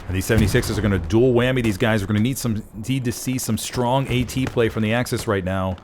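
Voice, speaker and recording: A man casting a competitive online shooter match play-by-play, folksy and excitable, jumping up in pitch at big plays. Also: fast, noisy background. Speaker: esports caster. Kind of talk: play-by-play game commentary.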